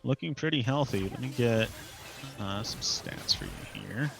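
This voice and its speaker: A man's voice: medium pitch, expressive, measured pace, vocal fry, soft background music, low-quality recording. A man giving color commentary on an esports match, breaking down plays in a loose, conversational way. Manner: conversational analysis with light laughs and filler. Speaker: esports caster.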